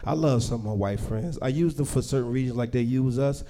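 A young man doing a stand-up comedy set, telling stories loudly and acting out the characters he describes. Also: mid-range voice, fairly quick. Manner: loud animated storytelling, acting out characters.

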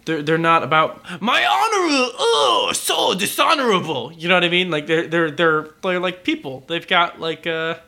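A podcast co-host in loose, casual conversation. His voice is a touch high and bright with an edge of force. He trips over his words and loops back through restarts and fillers. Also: little pitch movement, moderate pace, few pauses, clear, resonant tone. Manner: stammering, many restarts and fillers. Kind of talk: casual chat.

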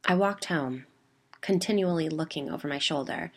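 Calm woman narrating a spooky story. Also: low-pitched, moderate pace. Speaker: podcast host and narrator.

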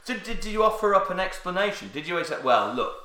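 A man in casual chat, telling an anecdote to a friend and tossing in quick questions. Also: high-pitched, pushed and bright, roomy sound. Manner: chatty, asks quick questions, uses 'mate'.

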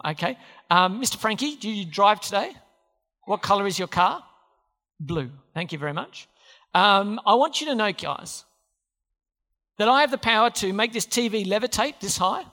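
A man's voice: high-pitched, pushed and bright. A man preaching a sermon in a church, talking conversationally and quizzing the congregation with questions. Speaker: pastor. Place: church hall. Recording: hall reverb.

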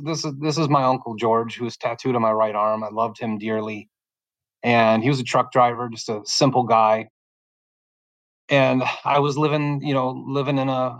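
Halting, emotional man, dry close sound. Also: medium pitch, no echo, low-quality recording. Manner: halting and emotional, repeating words as he restarts. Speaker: podcast guest giving testimony. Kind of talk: personal faith testimony, conversational.

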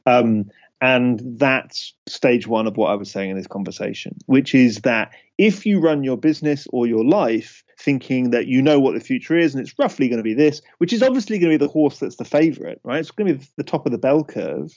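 A man as a podcast guest, explaining ideas in an emphatic, animated way and often checking in with the listener. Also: mid-range voice, a little fast. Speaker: podcast guest, speaker on risk. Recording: dull lo-fi podcast audio.

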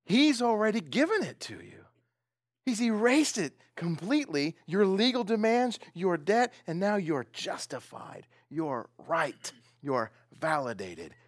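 A man preaching a sermon with a lively, swooping delivery that rises and falls a great deal. His voice sits a little high for a man. He asks his listeners questions and often breaks into laughter, recorded close and dry with almost no room sound. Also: no echo. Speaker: pastor.

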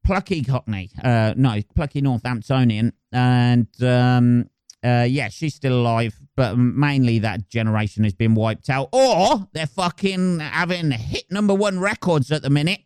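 Man, crude rambling podcast monologue, slightly high voice, smooth, dry close mic. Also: no echo. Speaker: podcast host. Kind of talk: casual comedic monologue.

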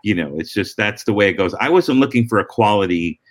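A middle-aged man, a comedian, answering interview questions in relaxed storytelling with frequent restarts and asides. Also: lowish voice, brisk. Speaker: comedian and former talk-show warm-up act.

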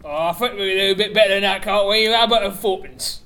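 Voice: mid-range voice, quick pace, fairly bright tone. A performer in an improvised comedy scene, talking in a dry, mock-polite way.

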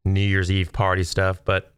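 Low, smooth-voiced man ranting casually. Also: monotone, normal speed, no room sound, clean studio sound. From Texas. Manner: rambling, exasperated ranting with many fillers. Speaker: solo video host. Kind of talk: casual monologue to viewers. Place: at home.

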